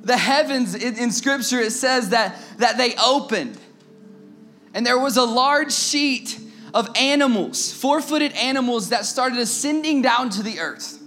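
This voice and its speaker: High-voiced man telling a casual sermon. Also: lively intonation, unhurried, faint music behind. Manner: conversational, asks the audience, drops to a low hushed tone for the tense parts. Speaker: youth preacher.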